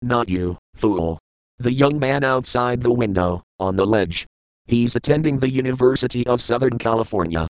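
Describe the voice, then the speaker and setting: A man voicing a blunt, commanding old male mentor in a smooth, dry reading. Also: mid-range voice, moderate pace, no room sound, natural voice, rough recording. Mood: urgent.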